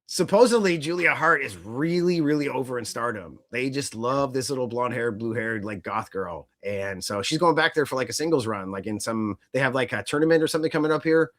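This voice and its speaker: A man co-hosting a casual wrestling podcast, rambling and animated, swearing casually as he talks. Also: mid-range voice, brisk, few pauses. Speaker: podcast co-host.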